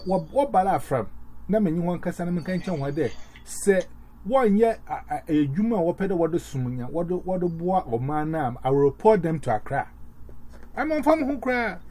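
Man, rambling and halting, animated pitch, mellow tone. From Ghana. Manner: rambling, halting, many fillers and restarts. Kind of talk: casual chat.

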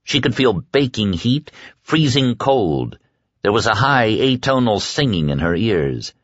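Deep-voiced, dramatic male audiobook narrator. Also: unhurried, no room sound, muffled recording. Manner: dramatic, expressive storytelling. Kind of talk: scripted narration.

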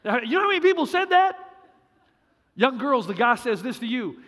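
A man's voice: extremely high pitch, very animated, moderate pace, a bit bright, big-room sound. A man preaching a sermon as pastor, punchy and joking, with emphatic repeats.

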